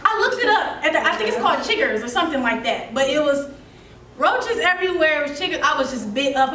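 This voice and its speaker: A woman's voice: high voice, lively intonation, fast talker, bright, forceful tone, slight background noise. A young woman, telling her story as a seminar speaker, emotional and laughing as she goes. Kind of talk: motivational storytelling. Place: seminar room. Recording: echoey room, mic from a distance.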